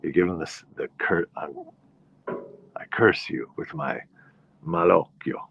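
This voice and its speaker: This man from the Bronx, New York, hosts a podcast, delivering a rambling, playful solo monologue full of tangents. His rumbling low voice is measured, creaky, and a bit bright, captured on a dry, dull lo-fi recording with slight background noise.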